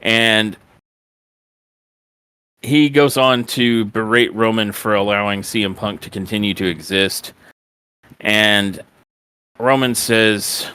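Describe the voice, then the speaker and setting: A male podcast host recaps a wrestling broadcast as an animated storyteller. His voice is on the low side. He drives the retelling forward in a conversational way. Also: slow, long pauses, smooth. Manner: animated storyteller, acts out quotes.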